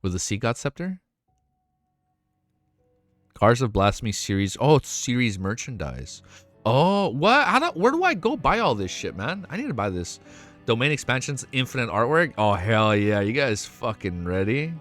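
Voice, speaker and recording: A man reads a story aloud and keeps stopping to react, his voice swinging widely in pitch as he gets excited. He swears casually and loudly in his excited outbursts. Soft music plays faintly behind him. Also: moderate pace. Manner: swears a lot, excitable outbursts between read passages. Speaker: webnovel reaction streamer.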